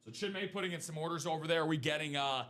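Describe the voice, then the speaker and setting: A man hosting a live stream of memorabilia breaks, chatting upbeat and fast as he pitches to viewers. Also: fairly bright tone, slight background noise. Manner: upbeat, chatty, quick patter.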